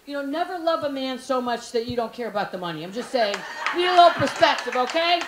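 A woman's voice: sits high, lively intonation, fast. A woman doing a stand-up comedy set, brash and frank, teasing the crowd. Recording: echoey club room, faint noise.

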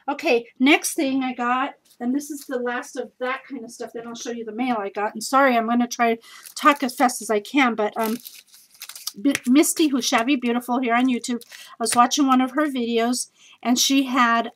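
A woman casually chatting in a home video as she shows off scrapbooking supplies she bought, bubbly and gushing, with lots of fillers and quick asides. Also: fairly high pitch, a bit bright, low-quality recording. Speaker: scrapbooking vlogger showing a craft haul. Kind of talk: casual haul video chat.

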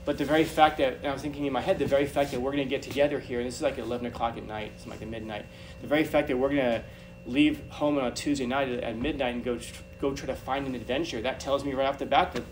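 A man giving a talk to an audience, telling animated personal stories with a chatty, repetitive manner. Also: mid-range voice, fast talker. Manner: animated, chatty, repeats phrases. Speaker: guest speaker. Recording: distant mic with background noise.

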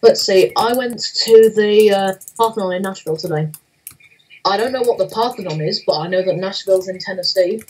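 A man's voice: high voice, brisk, a little mellow, recorded from a distance, rough recording. A man co-hosting a casual gaming livestream, stammering and repeating his words. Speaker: livestream co-host.

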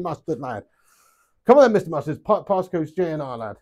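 Young male streamer, cheeky banter, frequent swearing, voice a touch high. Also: big pitch swings, fairly quick, darkish tone, highs cut off. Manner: chatty and joking, swears freely, calls viewers lad and mate. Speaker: live stream host playing webcam darts. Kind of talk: casual live-stream chat.

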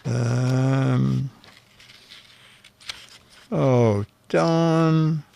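Slow, fumbling male show host. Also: mid-range voice, gravelly, warm tone, smooth. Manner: slow and fumbling, searching his papers aloud; chuckles at the jokes he reads. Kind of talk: casual streamed chat, reading viewer answers.

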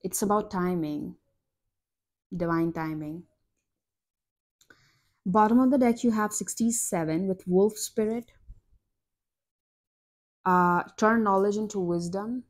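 A young woman reads tarot cards for her viewers in a chatty, excitable way. She exclaims often over the cards. Her voice sits at an ordinary middle pitch for a woman. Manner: excitable, exclaiming, breathy gasps and laughs. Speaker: tarot reader. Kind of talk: collective tarot reading.

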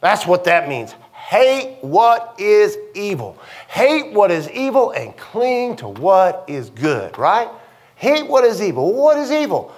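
A male pastor delivers a sermon in a church with an animated, conversational style, often checking in with the congregation. His voice sits high and swings widely in pitch as he preaches. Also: slow pace.

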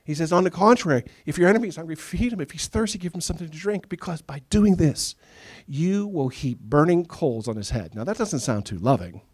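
A middle-aged pastor delivers a sermon to his congregation. His mid-pitched voice rises and falls widely. He slips into the voices of the people in his stories. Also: fairly quick, hardly any pauses, husky. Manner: animated storytelling, acts out quoted voices. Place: church sanctuary.

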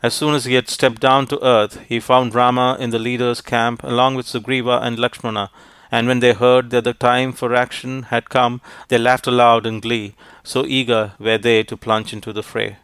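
A man reads an epic tale aloud in measured, formal narration. His voice is smooth and clean, with little rise and fall. The recording is dry and close. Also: mid-range voice, level tone, a bit bright, no echo. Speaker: audiobook narrator. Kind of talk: scripted audiobook narration.

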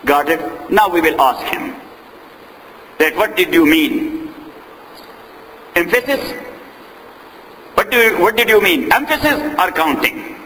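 A man's voice: high voice, expressive, unhurried, long pauses, pushed and bright, a little hiss or hum. A man teaching a class on Islamic law, repeating points, asking "got it?" and reciting Arabic. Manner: repetitive, drilling, checks understanding with "Got it?". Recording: long reverb in a large room.

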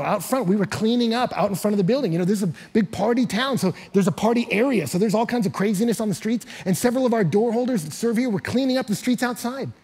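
Pastor, male, animated storytelling sermon delivery, raspy tone. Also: high voice. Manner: animated, storytelling preacher who often laughs.

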